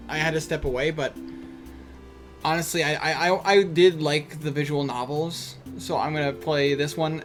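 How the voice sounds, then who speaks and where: A man hosting a let's-play video, chatting in an excitable way full of fillers and restarts. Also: fairly high pitch. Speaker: gaming video host. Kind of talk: casual let's-play commentary.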